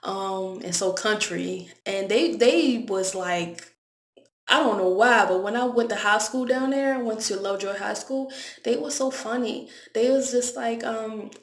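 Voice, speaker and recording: This young Baltimore vlogger speaks a little high and a little slowly, sharing a frank, conversational story and frequently repeating herself. Her voice echoes around the room.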